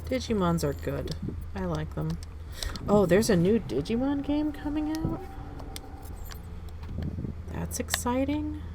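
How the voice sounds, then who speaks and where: A woman in her thirties, live-streaming a game and chatting in a casual, animated way that reacts loudly to the game. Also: mid-range voice, background noise.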